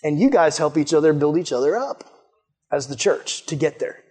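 A man's voice: a little high, expressive, moderate pace, a little mellow, husky. A man preaching a casual sermon to young people, enthusiastic and chatty, often saying "like" and "man". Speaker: youth pastor.

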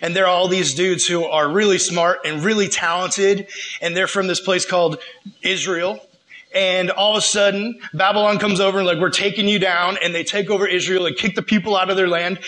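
A man preaching in a casual, slangy style, retelling a story with lively animation. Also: high voice, brisk, rough recording.

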